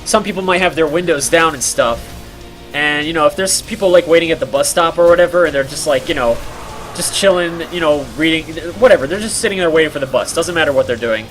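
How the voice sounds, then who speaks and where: A man's voice: fairly high pitch, quick pace, a bit bright, soft background music. A man streaming a game while telling a rambling story, full of fillers and laughs.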